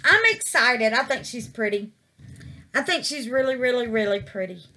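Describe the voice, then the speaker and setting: A woman's voice: fairly high pitch, animated, normal speed, bright, forceful tone, slight background noise. A woman gushing over her resin craft in a casual vlog, calling her viewers baby and y'all.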